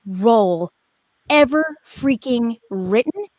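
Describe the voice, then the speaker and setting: A woman in her forties, a guest performer telling a story in a rambling, animated way with lots of fillers over a video call. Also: on the high side, slow pace, no room sound. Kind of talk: casual chat.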